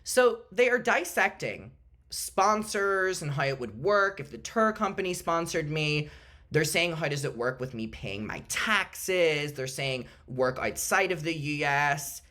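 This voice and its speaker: A male YouTuber talks straight to camera in a vlog. His pitch swings in an animated way, and his delivery is emphatic and exasperated. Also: measured pace.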